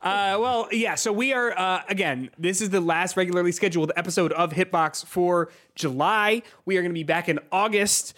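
A man's voice: high-pitched, moderate pace, hardly any pauses, fairly bright tone. Upbeat chatty man hosting a podcast. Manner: chatty, many fillers and restarts, upbeat. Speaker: podcast host. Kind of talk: casual chat.

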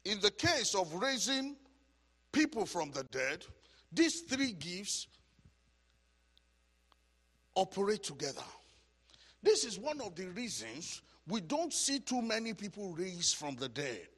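A man teaching a Bible study as a sermon, preaching with passion, repeating phrases for emphasis and building to shouts. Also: high voice, big pitch swings, slow pace, pauses often, slightly rough, big-room sound.

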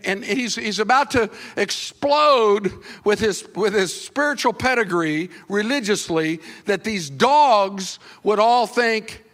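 A man preaching a sermon as pastor, talking conversationally and teasing the congregation, then acting out quotes in sudden high, loud bursts.

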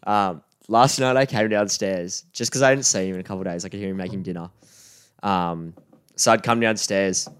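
A man's voice: low-pitched, a little fast, fairly bright tone, clean tone, dry recording, studio quality. A man co-hosting a podcast, telling a story in a casual, laid-back way. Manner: laid-back storytelling, quotes a mate in put-on voices. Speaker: podcast co-host. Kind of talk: casual chat.

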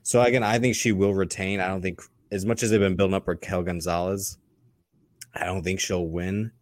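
A man's voice: sits low, level tone, brisk, dry recording, studio quality. A man, a podcast guest, rambling through casual chat with frequent swearing and restarts. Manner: rambling, profane, many restarts.

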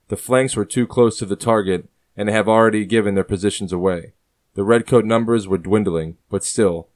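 Low-voiced man reading a story. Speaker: audiobook narrator. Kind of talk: scripted narration.

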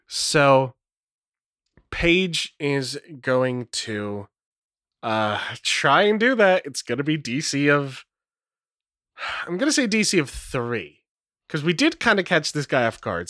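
A man's voice: fairly high pitch, very animated, slow pace, a bit bright, dry recording, studio quality. Rambling man narrating a tabletop game. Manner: rambling, many fillers, laughs at rolls. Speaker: game master and player. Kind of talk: solo tabletop role-play narration.

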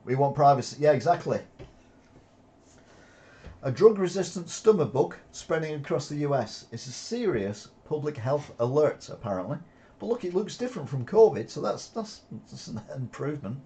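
A man's voice: a little high, animated, moderate pace, mellow. A man reading news headlines aloud and adding sardonic, opinionated commentary, with occasional swearing and chuckles.

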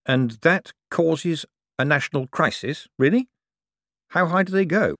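A man voicing a quick-witted, smooth-talking young male con man with a glib, teasing manner. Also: on the high side, lively intonation, fairly bright tone, no echo, studio quality, voice pushed up.

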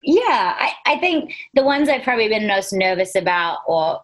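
A woman's voice: mid-range voice, big pitch swings, normal speed. A woman in her thirties with a New Zealand accent, chatting as a podcast guest, laughing often and speaking with lots of animation. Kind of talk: casual interview chat.

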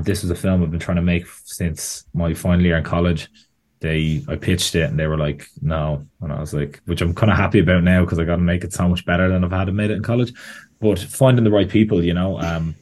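A deep-voiced Irish man talks about his filmmaking in a relaxed interview. He rambles and restarts his sentences, leaning on "kind of" and "like" as he goes. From Ireland. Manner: rambling, self-correcting, frequent "kind of" and "like". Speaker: writer and director, guest. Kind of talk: casual interview chat.

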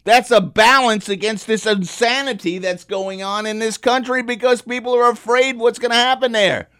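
A man's voice: very high voice, steady tone, moderate pace, sharp tone, clean tone, dry recording, studio quality. A man on a talk panel, giving his opinion in a fired-up, emphatic way and repeating words when he gets worked up.

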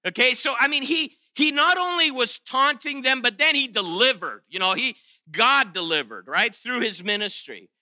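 Man, preacher, sermon, high voice, very bright tone, dry close sound, animated, restarts often. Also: moderate pace, dry recording. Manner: animated, sarcastic acting-out of quotes, frequent restarts. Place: chapel or auditorium.

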